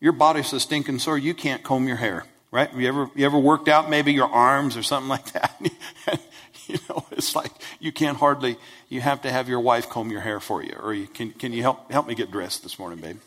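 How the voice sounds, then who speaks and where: A man's voice: medium pitch, fairly even intonation, moderate pace, fairly bright tone. Guy pastor giving a chatty sermon, folksy, keeps asking right? amen?, voice ringing in a big echoey hall. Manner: keeps checking in with listeners with "right?", "okay?" and "Amen?"; plain-spoken and folksy, with repeated restarts. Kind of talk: conversational sermon. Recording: long hall reverb.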